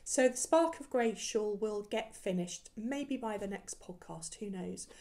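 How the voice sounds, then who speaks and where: A woman with a medium-pitched, darkish voice and a measured pace hosts a knitting podcast, chatting casually about her projects with many ums and restarts. It's a camera recording that shows her work.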